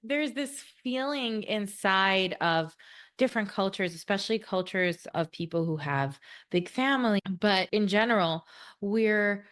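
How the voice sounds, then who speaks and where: A woman's voice: mid-range voice, a little slow, smooth. A woman co-hosting a podcast, talking in an earnest, reflective way and explaining ideas at length. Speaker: podcast co-host.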